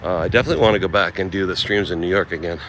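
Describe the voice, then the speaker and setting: A man's voice: deep voice, racing, a bit bright. A man casually live-streaming while walking, thinking aloud about travel plans and thanking viewers by name. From United States. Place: outdoors on windy city streets. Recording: outdoor street noise. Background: wind and passing traffic.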